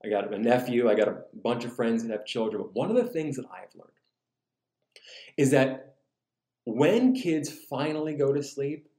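Joking pastor in a roomy hall. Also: male voice, mid-range voice, moderate pace, warm tone. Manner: conversational, jokey, acts out scenes. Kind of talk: casual sermon. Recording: roomy echo.

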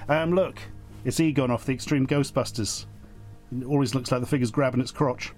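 A man's voice: mid-range voice, fairly even intonation, brisk, darkish tone, faint music behind. Rambling offhand man. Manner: rambling, offhand, self-mocking. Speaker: guest presenter.

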